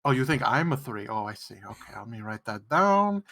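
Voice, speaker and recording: A man playing a tabletop game speaks in a high, bright voice that swoops up and down as he plays his character with theatrical flair. He talks fast. Faint music plays behind him. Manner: lively, theatrical. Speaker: player.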